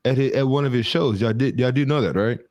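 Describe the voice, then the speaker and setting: A man on a casual podcast panel, quick and jokey, often talking over the others. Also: mid-range voice, a little mellow, dry recording, clean studio sound. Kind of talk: casual debate among friends.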